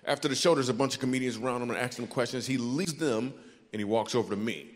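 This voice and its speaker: A man's voice: medium pitch, fast talker. A man from Michigan doing stand-up comedy, telling a story with playful asides to the crowd. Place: large theater stage. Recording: hall reverb on a theater stage.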